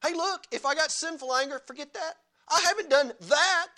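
A man preaching, voicing a self-righteous man who brushes off his inner sins in a breezy, raised voice. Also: normal speed. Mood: smug. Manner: breezy, dismissive, higher and louder. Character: smug self-righteous man excusing himself.

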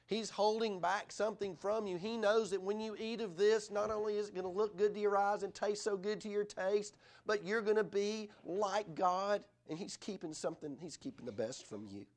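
A man's voice: high-pitched, normal speed, few pauses. A middle-aged male pastor preaching a sermon in an earnest, conversational way, often asking the listeners rhetorical questions.

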